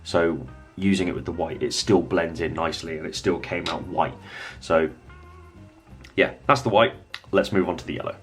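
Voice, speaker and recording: A man with a very low voice talks through a painting tutorial at home. He rambles a little and thinks aloud as he works. Faint music plays behind him. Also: moderate pace. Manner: relaxed, rambling, thinks aloud while working. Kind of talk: casual hobby tutorial.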